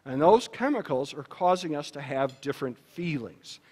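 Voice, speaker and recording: A man speaking at a luncheon, giving an educational talk to parents in an animated, storytelling manner. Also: moderate pace, slightly rough. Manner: animated storytelling with shifts in pitch and loudness. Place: banquet hall. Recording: reverberant hall.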